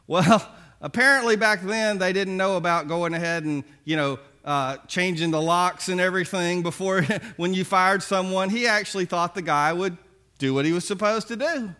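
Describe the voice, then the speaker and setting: A man's voice: high-pitched, moderate pace, bright, forceful tone. A man preaching a sermon, retelling a parable in a casual, folksy storytelling way with chuckles along the way. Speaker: pastor.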